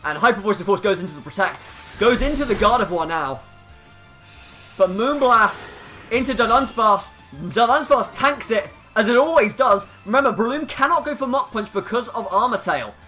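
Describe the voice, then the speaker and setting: A man giving excitable live commentary over his own competitive video game battle. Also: high-pitched, normal speed, soft background music. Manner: excitable, hyping up big plays.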